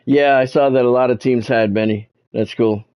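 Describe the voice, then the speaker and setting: A man's voice: medium pitch, steady tone, moderate pace, darkish tone. A man casually commentating his baseball video game on a live stream, chatting with viewers by name and swearing when annoyed. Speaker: gaming streamer.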